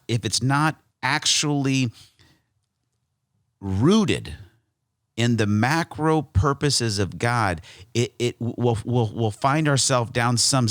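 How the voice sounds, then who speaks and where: An American man hosting a podcast, talking in a joking, animated way with frequent restarts. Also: medium pitch, no echo, clean studio sound. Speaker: podcast host. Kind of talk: casual podcast chat and monologue.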